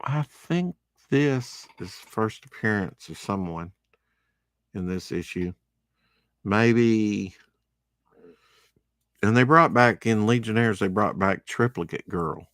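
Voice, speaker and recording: A man's voice: fairly low pitch, expressive, takes it slowly, pauses often, fairly bright tone, no room sound, clean studio sound. A man giving casual, rambling commentary while unboxing comic books, with chatty, opinionated asides. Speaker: comic book vlogger.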